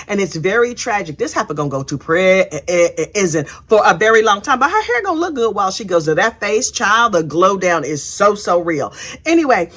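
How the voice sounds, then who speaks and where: Woman, sassy comic trial recap, bright voice, lively up-and-down pitch. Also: quick pace. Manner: sassy, acts out voices of the people in court. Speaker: true crime commentator.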